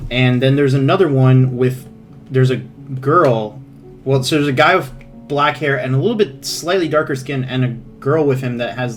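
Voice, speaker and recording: A man narrating as game master, rambling and halting, with many fillers and restarts. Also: medium pitch.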